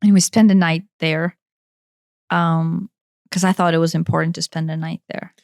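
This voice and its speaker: A woman's voice: deep voice, moderate pace, gravelly, no room sound, studio quality. Chatty woman telling a story. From Kentucky, USA. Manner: animated, rambling, with frequent restarts and "like". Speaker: podcast co-host. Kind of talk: casual storytelling chat.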